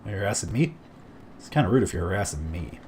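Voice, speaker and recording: Low, gravelly male game streamer. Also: big pitch swings, fast, darkish tone, slight background noise. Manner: rambling, self-deprecating asides. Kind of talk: casual gameplay commentary.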